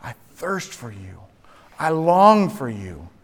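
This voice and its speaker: A man preaching a sermon. He swings from hushed, low phrases to loud, emphatic ones and stretches out key words slowly. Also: sing-song. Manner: dramatic swings between soft and loud, slow emphatic phrasing. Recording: long reverb of a large hall.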